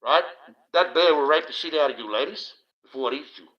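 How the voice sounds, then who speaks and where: A man's voice: a little high, fairly quick, fairly bright tone. Ranting man, profane and rambling. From Australia. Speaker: livestream host. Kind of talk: ranting monologue. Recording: dull lo-fi stream audio.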